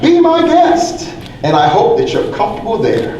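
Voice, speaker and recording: A man's voice: very high voice, huge pitch swings, normal speed, dull audio, pitched above the performer's own voice, exaggerated voice. A man voicing a generous, big-hearted male moose who welcomes guests into his home. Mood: welcoming. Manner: warm-hearted, welcoming, later baffled. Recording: echoey hall from far off, faint noise.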